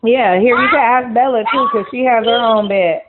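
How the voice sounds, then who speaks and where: A woman's voice: a little high, moderate pace. A woman talking to a small child on a phone call, coaxing and encouraging him. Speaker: mother. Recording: tinny phone line with faint hiss.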